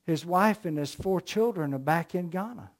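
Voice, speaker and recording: Southern male preacher, middle-aged, high tenor, punches key words, tells stories from the pulpit. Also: normal speed. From American South. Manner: emphatic, storytelling preacher with rising emphasis. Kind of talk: sermon.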